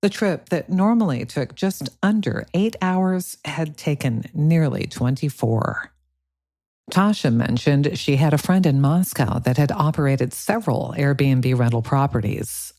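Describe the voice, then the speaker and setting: A man's voice: medium pitch, dark tone, no room sound. Man narrating a thriller audiobook. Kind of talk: scripted narration.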